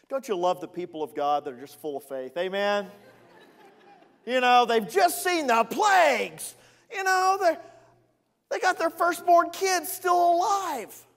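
A man's voice: very high voice, lively intonation, measured pace, a bit bright, long reverb tail. A male executive pastor preaching a sermon in a playful, conversational way, with asides to the congregation.

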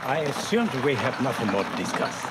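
A man's voice: mid-range voice, sing-song, a little fast, over a noisy crowd, heavy background noise, close to an everyday voice. An actor playing a curt, dismissive businessman in a television drama. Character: cold businessman, Winston.

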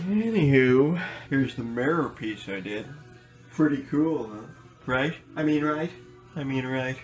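A man's voice: medium pitch, expressive, measured pace, soft background music, poor audio. A man who makes art and protests, talking casually and swearing when angry. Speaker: artist and protester. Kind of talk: casual banter and confrontational protest footage.

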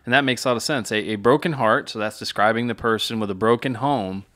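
A middle-aged man, a pastor, chats through a song's lyrics in an easygoing way at a middle pitch. He reads lines aloud, then unpacks them, often restarting with "uh" and "you know". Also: quick pace, a bit bright. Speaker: pastor reacting to music. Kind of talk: casual reaction chat.

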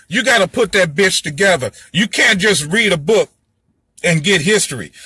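A man's voice: high-pitched, sharp tone, slightly rough, no room sound. A man giving a heated solo monologue to his audience, ranting in a fiery, profane, preachy way. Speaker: host lecturing his audience.

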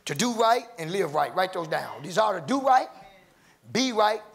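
A man preaching a sermon as pastor, rising into shouted, half-sung cadences and calling out to people in the congregation. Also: high-pitched, very animated, normal speed, gravelly. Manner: calls out to congregation members by name.

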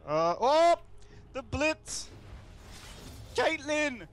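A man's voice: very high voice, sing-song, extremely slow. A man teasing and joking with his teammate in casual gameplay chat, swearing now and then. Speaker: co-player.

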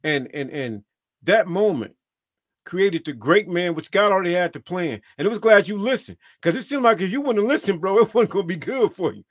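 A man's voice: high-pitched, animated, a little fast, dry recording, studio quality. A man hosting a casual chat, affirming and repeating his phrases.

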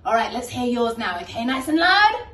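A woman's voice: on the high side, very animated, normal speed, distant mic. A woman teaching music to young children, singing nursery songs in an encouraging, sing-song way. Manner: sing-song, encouraging, soft whispering at the end. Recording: echoey room, voice from the mic.

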